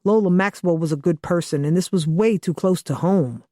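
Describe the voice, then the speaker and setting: A woman's voice: fairly low pitch, normal speed, mellow, dry recording, natural voice. Woman reading a teasing young man, profane, matter-of-fact, dry close sound. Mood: rueful. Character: blunt joking young man, protective soon-to-be father. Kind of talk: audiobook dialogue reading.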